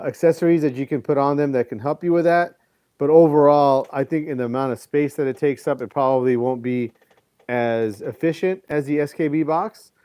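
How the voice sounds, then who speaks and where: A man co-hosting a casual fishing show, calmly explaining gear with lots of fillers. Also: medium pitch, no echo. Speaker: co-host. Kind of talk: casual chat.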